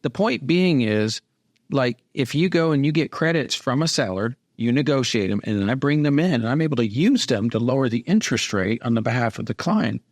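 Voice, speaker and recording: A man of middling pitch hosts a relaxed podcast chat, telling stories of phone calls and playing both parts himself. His voice sounds close and dry, with no room around it. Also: fairly quick, no room sound. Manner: animated storyteller acting out both sides of calls. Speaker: host and mortgage business owner. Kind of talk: casual podcast interview.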